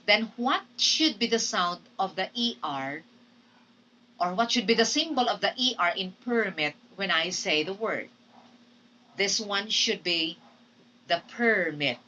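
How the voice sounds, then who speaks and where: Slow, bright-voiced woman teaching phonetics. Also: mid-range voice, distant mic, rough recording. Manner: slow, deliberate, checks in with "okay?". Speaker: English teacher. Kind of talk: recorded phonetics lecture.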